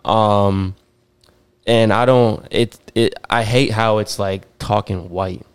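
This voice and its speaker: A young man hosting a podcast, talking casually and haltingly, often restarting his sentences. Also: on the low side, steady tone, clear, resonant tone. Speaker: podcast host. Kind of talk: casual chat.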